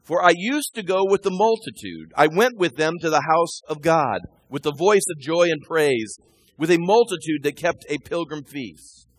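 A male pastor delivers a sermon, his fairly high voice dropping to near-murmurs and then surging into loud, fervent scripture reading. The sound is close and dry, with no room echo. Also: animated, normal speed, husky. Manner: swings between hushed asides and loud emphatic scripture reading.

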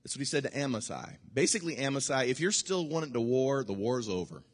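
A male pastor preaching a sermon, emphatic and repetitive, swinging between loud bursts and hushed asides. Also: mid-range voice, animated, quick pace. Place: church sanctuary. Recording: long hall reverb.

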